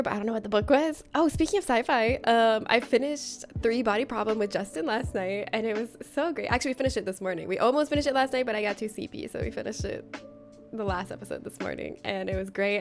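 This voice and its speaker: A woman livestreaming a game, chatting casually with viewers, rambling and giggling often. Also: mid-range voice.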